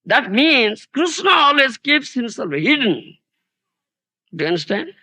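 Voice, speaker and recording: A man giving a religious lecture, emphatic and rhetorical, often pausing to ask "huh?". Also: very high-pitched, very animated, pushed and bright, dry recording, poor audio. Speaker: spiritual teacher.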